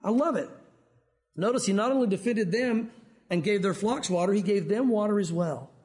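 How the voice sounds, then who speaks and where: Speaking at a normal speed in a voice that sits high, a man gives a conversational Bible teaching to a men's group. He's an animated, chatty storyteller who says "you know" a lot.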